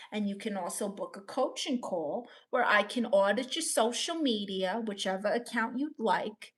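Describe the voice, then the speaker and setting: A woman's voice: mid-range voice, a bit bright. A woman live streamer reading viewer comments aloud and answering them with playful, self-mocking jokes.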